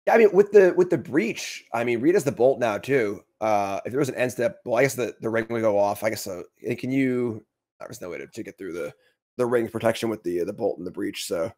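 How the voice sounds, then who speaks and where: A man's voice: on the low side, expressive, a little fast, darkish tone. Chatty man commentating a card game. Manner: chatty, laughs easily, many fillers and restarts.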